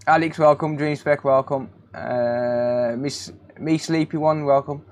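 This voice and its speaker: A man's voice: medium pitch, measured pace. A man hosting a casual live stream, reading out viewers' names and calling them mate. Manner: relaxed, greets chat viewers by name, calls them mate. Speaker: live stream host, repair technician.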